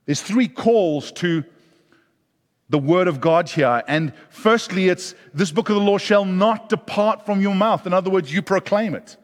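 A middle-aged man preaching a sermon, animated, rising loud and then dropping soft. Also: on the high side, measured pace. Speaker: pastor. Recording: long hall reverb.

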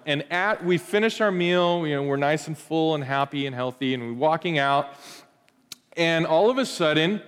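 A man in his thirties, a pastor preaching a sermon, telling stories in an animated, playful way with asides to the congregation. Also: a little high, in a large hall.

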